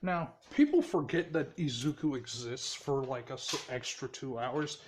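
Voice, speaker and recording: A man's voice: medium pitch, a little slow, a little hiss or hum. A man casually telling a fan story in a rambling, profane way, laughing often.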